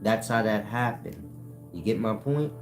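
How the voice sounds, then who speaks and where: Over music, a man with a lowish voice talks a little slowly on his own channel. He explains things in a casual, profane monologue, calling his audience "y'all" and checking in again and again with "you get my point?"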